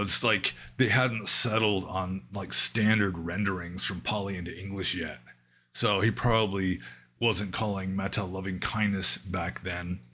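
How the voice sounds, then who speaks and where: A man answering viewer questions on a livestream, thinking aloud in a casual, rambling way with pauses and asides. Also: low-pitched, bright, forceful tone. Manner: musing, thinking aloud with fillers and trailing asides. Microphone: livestream microphone.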